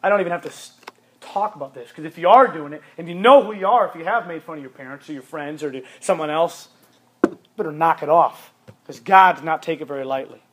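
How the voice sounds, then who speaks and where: His voice is on the high side, quick, and fairly bright. The youth pastor, a man in his thirties, delivers a sermon to teenagers, stressing each point emphatically and repeating his commands.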